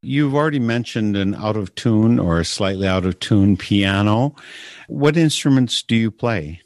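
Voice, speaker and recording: A man's voice: fairly low pitch, lively intonation, unhurried, darkish tone, no echo, clean studio sound. A man hosting an interview who asks questions in a playful, teasing way. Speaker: radio interview host. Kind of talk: conversational interview.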